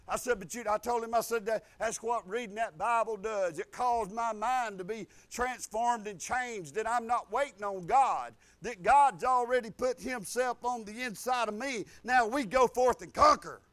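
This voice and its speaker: A man, preaching a folksy sermon that repeats phrases and builds to loud declarations. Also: extremely high pitch, normal speed, hardly any pauses. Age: 50s.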